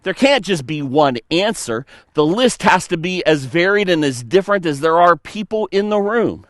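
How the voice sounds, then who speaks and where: A man preaching a sermon as pastor, animated, telling stories and slipping into playful mock voices. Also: high-pitched, moderate pace, dry recording, studio quality.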